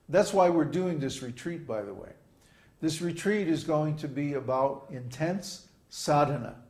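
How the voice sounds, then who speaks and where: A man's voice: medium pitch, a little mellow. A man giving an informal spiritual talk, chanting examples aloud and often stopping to ask "huh?". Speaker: spiritual teacher. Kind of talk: informal sermon. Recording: roomy echo.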